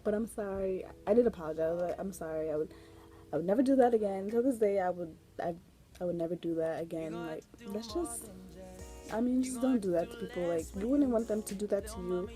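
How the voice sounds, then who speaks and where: A woman's voice: medium pitch, a little fast, mellow, soft background music. A young woman telling a story on her vlog in a rambling, chatty way, full of fillers and giggles. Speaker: vlogger. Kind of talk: casual storytime chat.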